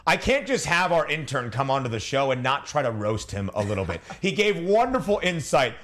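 Lively-voiced male radio host. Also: mid-range voice. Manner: brisk, teasing. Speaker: sports betting radio host. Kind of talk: upbeat radio show hosting.

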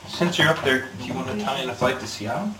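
A man's voice: mid-range voice, fast talker, close to an everyday voice. An actor playing a meek, whiny grown son pleading with his father, heard through a hidden bug. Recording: roomy, distant, noisy bugged audio.

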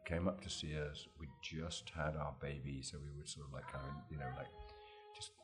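Man, deep low voice, animated anecdotes, laughs a lot, interview guest. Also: moderate pace, over music. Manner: animated, laughs often, acts out dialogue in stories. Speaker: actor guest.

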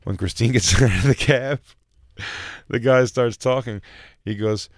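A man with a somewhat low voice hosts a comedy radio show from a dry studio. He spins anecdotes in a relaxed, conversational way, now and then mimicking others in a high voice. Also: moderate pace, dry recording. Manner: storytelling, acts out others in a high voice. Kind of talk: casual comedy radio chat.

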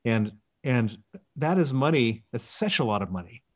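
A man answers questions as a guest author in an interview. He explains emphatically and leans hard on his key words. His voice sits at an ordinary middle pitch. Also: expressive, normal speed.

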